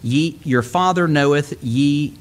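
A man's voice: a little high, slow pace. A middle-aged man preaching a sermon, explaining scripture earnestly and lifting his voice when he quotes it.

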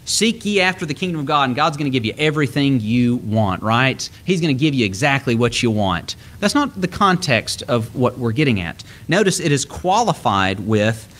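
A man's voice: medium pitch, very animated, moderate pace, hardly any pauses, a bit bright. A middle-aged man preaching a sermon, explaining scripture earnestly and lifting his voice when he quotes it.

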